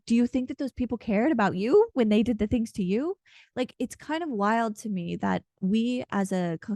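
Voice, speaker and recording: A woman's voice: medium pitch, a little mellow, no room sound, studio quality. A woman giving a casual, channeled card reading in an earnest, intense way, rambling and full of fillers as she speaks. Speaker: intuitive card reader and channeler.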